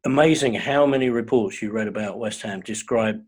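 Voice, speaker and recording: An older man chatting as a guest, telling wry, measured stories in a husky voice. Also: lowish voice, a little mellow. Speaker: guest fan. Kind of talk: casual chat.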